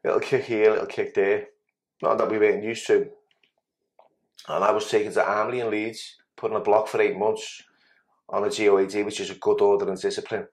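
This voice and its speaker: A man's voice: on the low side, level tone, a little fast. A man tells a story as a podcast guest in casual talk. He is blunt and sweary and often restarts his sentences.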